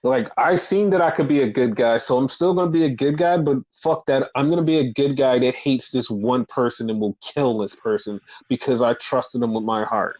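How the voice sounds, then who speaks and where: A man's voice: mid-range voice, moderate pace, hardly any pauses, darkish tone, rough recording. A man co-hosting a casual podcast, swearing freely and acting out quotes in mocking voices. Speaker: podcast co-host. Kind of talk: casual chat.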